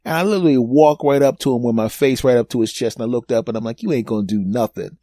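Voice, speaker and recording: Podcast host, man, fifties, warm mellow tone, dry close sound, rambling self-mocking storyteller. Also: mid-range voice, quick pace, no room sound. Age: 50s. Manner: animated, rambling, self-mocking, repeats words for emphasis. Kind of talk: comedic storytelling monologue.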